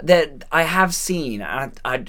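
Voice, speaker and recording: A woman co-hosting a relaxed conversation about a film, sharing bits of trivia and laughing easily. Her voice sits low but moves up and down with lively, animated pitch. She talks loosely, with plenty of restarts. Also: a little slow. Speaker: podcast co-host. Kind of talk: casual film chat.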